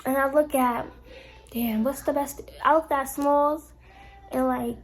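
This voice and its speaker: Animated young woman telling a storytime. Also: sits high, measured pace. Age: young adult. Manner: animated, swears freely, acts out quoted lines. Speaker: vlogger. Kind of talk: casual storytime. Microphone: phone camera.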